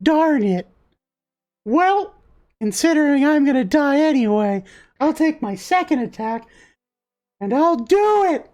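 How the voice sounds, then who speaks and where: A woman voicing a small, desperate male gingerbread warrior who talks in an excitable, melodramatic way in a tabletop game. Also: sits high, a little slow, pauses often, voice pushed up. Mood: feisty.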